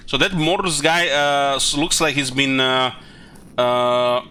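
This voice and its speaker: Male game streamer, very bright voice, casual rambling commentary, swears a lot. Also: mid-range voice, steady tone, takes it slowly, clear, resonant tone. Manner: rambling and profane, with frequent uh fillers.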